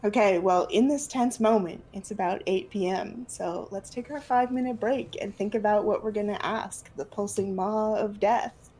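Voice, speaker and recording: A woman's voice: mid-range voice, moderate pace, few pauses, warm tone, a little hiss or hum, low-quality recording. A woman running a tabletop game as game master, narrating in a casual way with many fillers.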